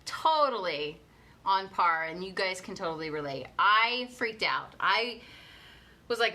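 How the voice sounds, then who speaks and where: Bright-voiced woman coaching chat. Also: medium pitch, animated, a little slow. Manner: chatty, repeats herself, reads viewer comments aloud. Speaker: life coach. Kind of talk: live motivational coaching talk.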